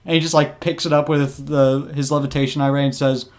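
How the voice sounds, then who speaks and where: A man narrating as game master of a tabletop game, halting and full of restarts. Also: mid-range voice, little pitch movement, darkish tone. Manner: halting, many fillers and restarts.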